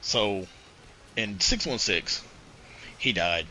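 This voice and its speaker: A man with a low-pitched, forceful voice talks through comic book storylines on a casual podcast. He rambles, circles back on himself, keeps dropping "you know" and swears freely. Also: big pitch swings, takes it slowly, a little hiss or hum, rough recording. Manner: rambling retelling, heavy on "you know" and profanity. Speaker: podcast co-host.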